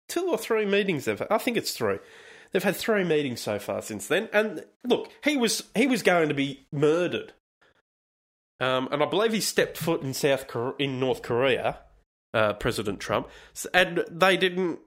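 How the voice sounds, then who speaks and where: A man's voice: on the high side, fairly bright tone. A man hosting a casual solo podcast, commenting on news in a profane, rambling, jokey way. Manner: profane, laughing, wandering commentary. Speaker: podcast host.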